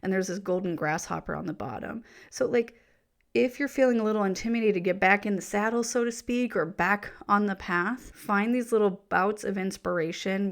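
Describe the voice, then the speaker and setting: Woman solo podcast host, reflective and encouraging, mid-pitched, chatty with self-corrections. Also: vocal fry. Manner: gentle, encouraging, speaks directly to the listener.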